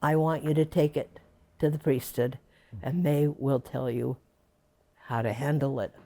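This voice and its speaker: A woman's voice: extremely low pitch, fairly even intonation, unhurried, mellow. An older woman being interviewed for an oral history, reminiscing in a rambling way with many fillers.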